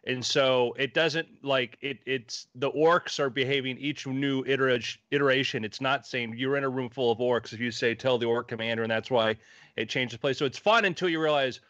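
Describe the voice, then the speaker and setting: A man co-hosting a casual podcast chat, explaining things in a quick, matter-of-fact way. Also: mid-range voice, a bit bright, no echo, dull audio. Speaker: co-host.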